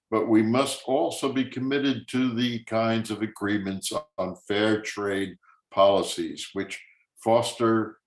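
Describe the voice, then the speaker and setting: Slow, low-voiced man reading flatly. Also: roomy sound, poor audio. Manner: plain, fairly monotone reading. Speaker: reader in a study group. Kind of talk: reading a text aloud.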